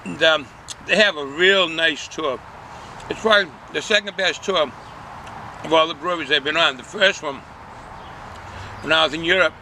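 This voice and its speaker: An older man chats casually while reviewing a beer, drifting between thoughts with many fillers and restarts. His voice sits a little high and sounds bright and forceful. Faint outdoor noise runs underneath. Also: low-quality recording. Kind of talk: casual chat.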